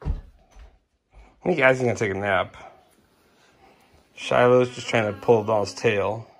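A woman's voice: very deep voice, unhurried. A young woman filming her kids at home on a phone, talking to them in a playful, coaxing, sing-song way. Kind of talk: casual home video chat. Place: living room at home.

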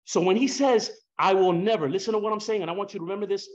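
Male preacher, high-pitched, fervent, casual slang, big swings in loudness; dull lo-fi recording. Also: rapid-fire. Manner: impassioned, swings between soft and loud, rhetorical questions, casual slang. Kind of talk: sermon.

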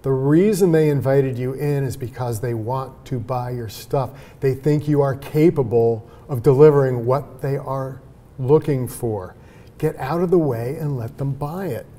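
Brief: male sales trainer guest, emphatic and animated, dark mellow tone. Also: mid-range voice, a little slow. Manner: animated, emphatic, laughs while explaining. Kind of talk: conversational interview.

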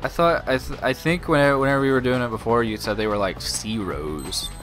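A man hosting a let's play, chatting loosely over his gameplay at an ordinary middle pitch. He restarts sentences often and swears casually, with game music playing behind him. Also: brisk, a bit bright. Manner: loose, profane, frequent restarts.

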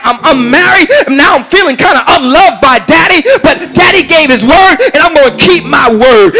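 An older man preaching a sermon as pastor of his church, calling to the congregation and swinging between shouted bursts and quieter asides. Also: extremely high pitch. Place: church sanctuary.

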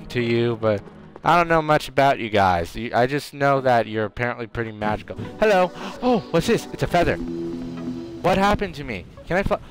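A man doing excitable let's play commentary, trash-talking the enemies in his game. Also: medium pitch. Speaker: gamer.

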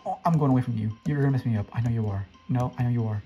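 A gaming channel host, this woman offers casual, excitable commentary as she plays, chatting with other players and squealing whenever she jumps. Her voice rumbles low and moves very fast, with faint music in the background.

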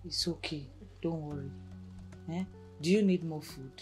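A middle-aged Nigerian mother, voiced by a woman, soothes and reassures her daughter in a low, gentle voice with a Nigerian accent. Faint music plays behind her. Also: moderate pace, natural voice, poor audio. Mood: comforting. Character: warm, comforting village mother. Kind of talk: Nollywood film acting.

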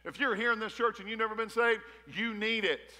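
Preaching with fervor from a church sanctuary, a pastor hammers home his points again and again, mixing in folksy remarks. His voice is high, bright and forceful, moving a little fast. A long hall reverb carries through the church.

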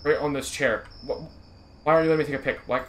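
A man's voice: on the high side, fairly even intonation, quick pace, fairly bright tone, a little hiss or hum. A young man doing profane, nervous, jokey commentary while playing a horror game. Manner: profane, jittery, nervously joking. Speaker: gamer.

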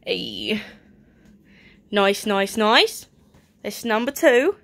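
A chatty young woman with a fairly high voice talks through her items one by one at home. Her casual vlog delivery is easygoing and full of fillers. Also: measured pace. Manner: chatty, filler-heavy item descriptions. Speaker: online reseller. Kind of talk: casual live-sale vlog.

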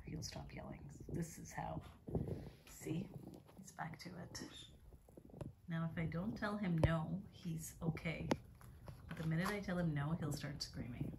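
A woman filming her pet parrots at home, scolding them loudly and then explaining to viewers in hushed asides. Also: low-pitched, steady tone, unhurried, gravelly, long pauses. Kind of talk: casual vlog narration. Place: home indoors. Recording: noisy home recording with squawking parrots. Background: parrot squawks.

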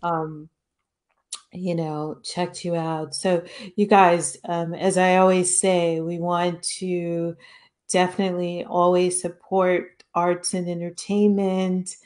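A woman hosting a casual interview, chatty and quick to laugh. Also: fairly low pitch. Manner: laughs often, relaxed and chatty. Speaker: show host.

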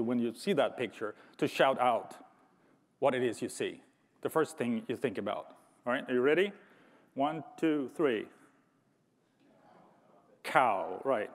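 A man giving a conference talk, thoughtful with light humor, often restarting his sentences. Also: medium pitch. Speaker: conference speaker. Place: large conference hall. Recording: reverberant conference hall.

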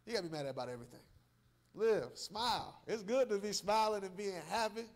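Man, revival preacher, high-pitched for a man, emphatic, repeats himself, chuckles between points. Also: big pitch swings, very fast. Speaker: guest preacher, church elder. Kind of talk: revival sermon with call-and-response.

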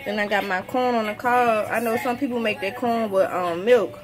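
A woman's voice: mid-range voice, steady tone, moderate pace. A woman vlogging casually while she cooks dinner in her home kitchen, chatting to her viewers as she goes. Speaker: cooking vlogger. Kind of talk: casual cooking vlog. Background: music playing in the background.

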